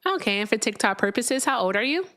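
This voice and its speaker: A woman's voice: fairly high pitch, sing-song, fast, a bit bright. A woman hosting a live call-in stream, brash and teasing, laughing often. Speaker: livestream host. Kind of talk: casual live call-in chat.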